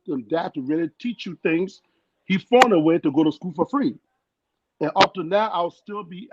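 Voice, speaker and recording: Accented man telling his story over a noisy line. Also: a little high. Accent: foreign accent. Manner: earnest, animated storyteller acting out quoted people. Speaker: guest. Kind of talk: casual storytelling. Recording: dull lo-fi sound with loud noise.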